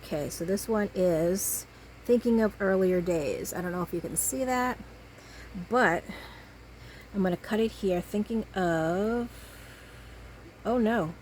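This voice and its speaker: A woman's voice: mid-range voice, a little slow, pauses often, darkish tone, slight background noise, low-quality recording. A woman making a craft video, chatting casually to herself and the viewer as she cuts and glues. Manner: chatty, talks to herself while working. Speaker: crafting vlogger.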